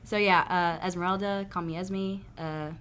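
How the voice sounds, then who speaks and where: Wry soft-spoken woman guest. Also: fairly low pitch, fairly even intonation, normal speed, slight background noise. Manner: wry, quiet, dry asides. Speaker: guest, network affiliate rep. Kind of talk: casual chat.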